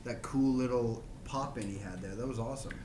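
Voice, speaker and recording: A man's voice: mid-range voice, brisk, darkish tone, reverberant, a little hiss or hum. A man co-hosting a podcast, teasing and cracking jokes in casual chat. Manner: teasing, wisecracking. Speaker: podcast co-host.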